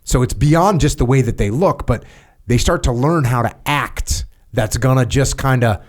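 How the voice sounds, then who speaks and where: A man hosting a podcast, reading book passages aloud and breaking off into animated commentary. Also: moderate pace. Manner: deep voice, animated tangents, mimics bosses. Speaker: podcast host.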